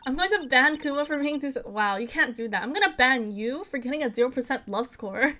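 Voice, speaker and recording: A woman streaming a video game, chatting casually with her viewers, excitable and giggly with crude jokes. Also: high voice, fairly quick. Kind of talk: casual live-stream chat while gaming.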